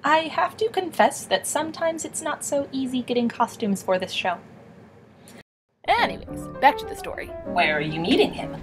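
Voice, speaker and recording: A woman's voice: high-pitched, normal speed. A young woman hosting a comedic storybook reading, mixing narration with sarcastic asides. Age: young adult. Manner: playful, sarcastic, animated asides. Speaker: host and reader. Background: background music.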